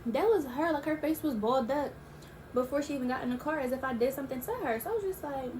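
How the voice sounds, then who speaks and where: A woman's voice: high voice, a little mellow, slight background noise, poor audio. Chatty young woman telling a story. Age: young adult. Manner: chatty, slangy, drawn-out asides. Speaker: YouTuber. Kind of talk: casual storytime vlog.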